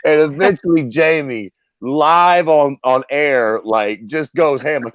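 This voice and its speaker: A man's voice: a little high, slow pace, hardly any pauses, fairly bright tone, no echo. A man in his thirties from Ohio, co-hosting a podcast in casual, profane chat, telling stories and acting out quotes. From Ohio, USA. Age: 30s. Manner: profane, storytelling, acts out quotes. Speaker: podcast co-host.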